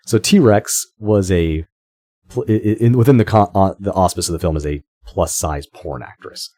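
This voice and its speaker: Deep-voiced man chatting on a podcast. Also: moderate pace, warm tone, no room sound, clean studio sound. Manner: chatty, swears casually, stumbles and restarts. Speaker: podcast co-host. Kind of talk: casual podcast chat.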